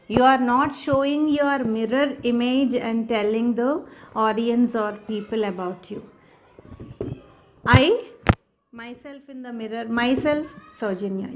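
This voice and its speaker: A woman teaching a grammar lesson, explaining patiently step by step and often checking in with her students. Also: a little high. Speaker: English teacher.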